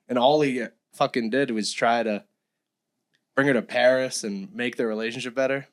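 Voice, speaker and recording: A young man co-hosting a casual podcast, excitable, swearing freely and laughing often. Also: medium pitch, brisk. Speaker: podcast co-host. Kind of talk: casual chat.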